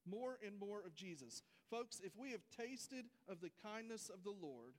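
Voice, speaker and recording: A man's voice: high-pitched, animated, moderate pace, in a large hall. A man preaching a folksy sermon, speaking straight to his congregation. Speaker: pastor. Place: church sanctuary.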